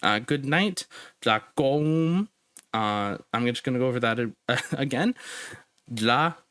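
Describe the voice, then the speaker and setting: A young man teaching a made-up language in a casual, halting way, full of ums and uhs, slowing right down to sound out each phrase. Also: mid-range voice, expressive, a bit bright, no echo. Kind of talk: casual recorded language lesson.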